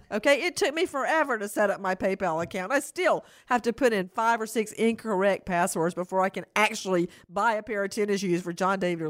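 A woman hosting a true crime talk show, talking with sarcasm and frequent laughs. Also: mid-range voice. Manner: animated, sarcastic, laughs often. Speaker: host.

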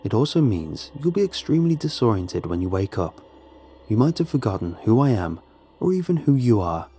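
A man's voice: fairly low pitch, sing-song, a little fast, warm tone, a little hiss or hum. A man playing a stern man who gives firm instructions in a horror story. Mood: insistent. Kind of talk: scripted horror narration.

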